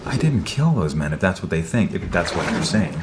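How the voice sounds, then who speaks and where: A man's voice: low voice, very animated, brisk. An actor playing an earnest superhero man who speaks intensely and emotionally, defending himself to the woman he loves. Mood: defensive. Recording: film clip with noisy ambience.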